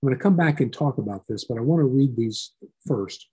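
A man leading a Bible study class, reading verses aloud and explaining them in a relaxed, conversational way. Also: mid-range voice, fairly quick, slightly rough. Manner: relaxed, explanatory, reads scripture aloud then unpacks it.

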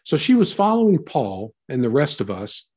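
Man, husky voice, mid pitch, folksy Bible teacher, chatty sermon style. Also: very animated, moderate pace, a little mellow. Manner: folksy, explanatory storytelling. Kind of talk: conversational sermon.

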